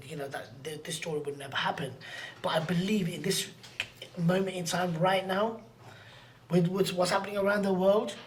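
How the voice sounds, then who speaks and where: A man telling a personal story as a podcast guest, earnest and slangy. He repeats phrases for emphasis and often drops to a hushed near-whisper. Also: high-pitched, fairly even intonation, a little fast, slight background noise.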